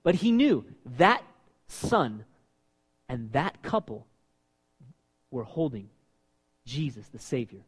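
A man preaching a sermon as pastor, animated and asking his listeners questions. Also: medium pitch, slow pace, pauses often, slightly rough. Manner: animated, asks the congregation questions. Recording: long reverb of a hall.

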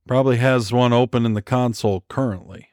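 A man doing a quiet, firm gunman. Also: medium pitch, a little fast, dry recording, studio quality, lightly acted. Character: quiet, firm male armed operative.

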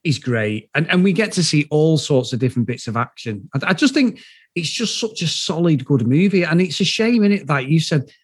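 A man co-hosting a casual movie review chat, giving enthusiastic, animated opinions. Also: fairly high pitch, brisk, slightly rough, dry recording, studio quality. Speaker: podcast co-host.

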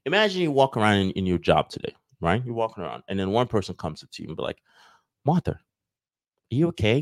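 A man's voice: fairly low pitch, very animated, rapid-fire, no echo. A man talking casually to his viewers, rambling through a lesson and acting out everyday scenes. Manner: rambling, acts out little scenes with voices. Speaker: self-help video host. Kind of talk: casual teaching talk to viewers.

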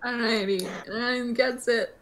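A woman's voice: on the high side, slow pace, over a noisy crowd. A young woman from the American South with a Southern accent, chatting casually as a podcast co-host and laughing often. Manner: giggly, animated, laughs often. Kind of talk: casual chat.

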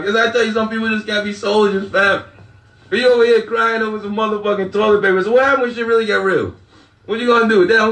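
Casual male host, high voice, profane laughing rant, echoey room. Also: sharp tone. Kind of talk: casual monologue.

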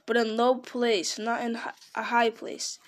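A woman's voice: on the high side, flat delivery, a little slow, natural voice. Woman voicing a small male hobbit, clever, plain-spoken, storybook. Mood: riddling. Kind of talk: storybook read-aloud.

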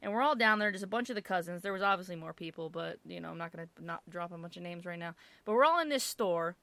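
Bright-voiced woman telling a story. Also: lowish voice, fast talker, creaky, no room sound. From Italian-American family. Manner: animated, lots of fillers, swears, acts out quotes loudly. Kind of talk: casual storytelling chat.

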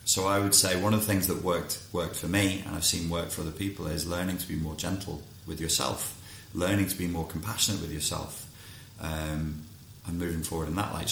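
A man's voice: low voice, steady tone, a little fast, vocal fry, fairly bright tone, echoey room, slight background noise. A man who coaches clients, talking frankly in a casual monologue and swearing freely.

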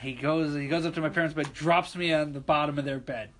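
A man in his twenties telling a rowdy party story on a podcast, laughing often and shouting out the lines he quotes. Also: a little high, brisk, slight background noise. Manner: animated, laughing, acts out quoted lines loudly. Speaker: podcast co-host. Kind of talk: casual storytelling among friends.

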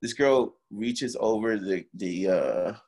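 Man, young adult, low voice, casual storytelling, swears, acts out quotes. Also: takes it slowly, darkish tone. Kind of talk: casual chat, telling a story.

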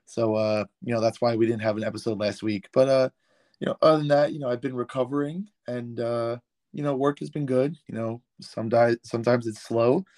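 A man co-hosting a podcast over a remote call, his voice still a little hoarse from a cold, talking in a loose, hesitant way with many fillers. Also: medium pitch, fairly even intonation, brisk, a little mellow, no room sound. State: slightly hoarse, recovering from a cold. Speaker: podcast co-host. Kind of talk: casual chat.

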